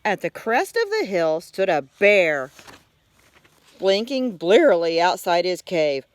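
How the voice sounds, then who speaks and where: Slow, expressive woman reading a children's story. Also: fairly low pitch, dry recording. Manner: expressive, unhurried. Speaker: reader. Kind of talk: children's story read-aloud.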